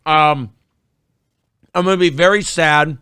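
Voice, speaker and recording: A man's voice: fairly high pitch, slow pace, sharp tone, clean tone, no echo, studio quality. A man hosting a morning talk show, chatting casually in a blunt, profane way. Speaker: host. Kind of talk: casual chat.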